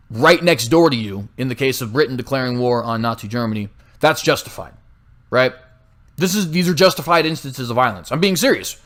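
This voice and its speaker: A man's voice: mid-range voice, fairly bright tone. A young American man hosting a political commentary show, delivering a heated, sarcastic monologue with frequent "right?" tags. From United States. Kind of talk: opinionated monologue.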